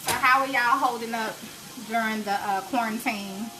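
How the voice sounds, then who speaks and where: The woman's voice leans high and moves at a normal speed against a noisy background. A cooking show host in her 30s, she chats with live-stream viewers from her home kitchen and preachily urges them to pray.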